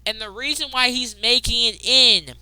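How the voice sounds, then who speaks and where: A woman hosting a casual wrestling recap, excitable, jumping between loud outbursts and muttered asides. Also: fairly high pitch, normal speed, smooth, no echo.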